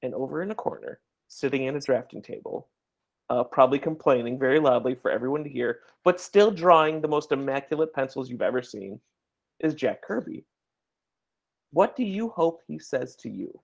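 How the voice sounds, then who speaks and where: A man's voice: medium pitch, animated, normal speed, gravelly. A man hosting a podcast who jokes around and sets up absurd scenarios for his guest. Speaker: podcast host. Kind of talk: casual interview chat.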